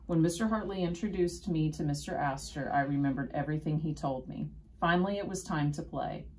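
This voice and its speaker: Woman reading a storybook, low voice. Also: a little fast, slight background noise, poor audio. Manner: steady first-person narration. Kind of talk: storybook read-aloud.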